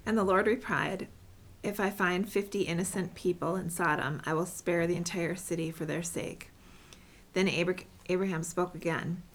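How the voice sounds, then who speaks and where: A woman reading a scripture passage aloud at a steady, measured pace. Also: on the low side. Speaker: scripture reader.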